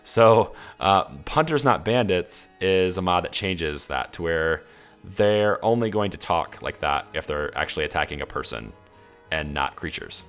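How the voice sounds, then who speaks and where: A man's voice: low voice, lively intonation, measured pace, a bit bright, soft background music. A man streaming a game, casually walking through his mod list in a rambling, enthusiastic way with many fillers. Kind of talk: casual walkthrough of game mods.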